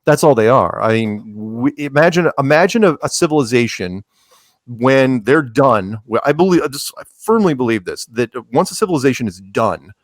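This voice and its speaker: A man guest on a casual podcast, telling stories with jokey asides and plenty of restarts. His voice sits at an ordinary middle pitch. The recording is close and dry, with no room sound. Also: normal speed, dry recording. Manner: animated storyteller, jokey asides, frequent restarts.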